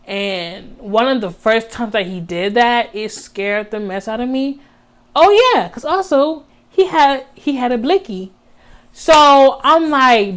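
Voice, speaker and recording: A woman's voice: on the high side, lively intonation, takes it slowly. A young woman vlogger telling a personal story in a casual, chatty monologue, full of "like" and slang, talking straight to her viewers. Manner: chatty, heavy use of "like" and slang, addresses viewers as y'all.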